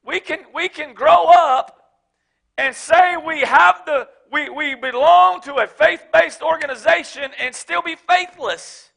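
A man preaching a sermon as pastor, swinging from shouted emphasis to low, joking asides. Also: takes it slowly, gravelly. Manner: casual, joking, speaks of his wife.

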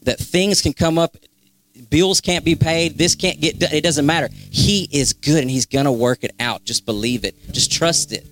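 A man's voice: a little high, normal speed, fairly bright tone. A young man giving a spontaneous, fervent exhortation in a church, repeating phrases for emphasis. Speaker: church member sharing a word. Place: church sanctuary.

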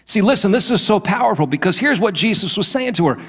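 A middle-aged male pastor preaching a sermon, moving between hushed asides and emphatic declarations. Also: sits high, lively intonation, fast, breathy edge.

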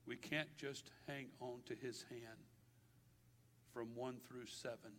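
Bright-voiced preaching man in echoing hall. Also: mid-range voice, fairly even intonation, slow pace, a little hiss or hum. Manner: impassioned preaching, swinging from loud to hushed. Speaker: pastor. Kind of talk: sermon. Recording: long hall reverb.

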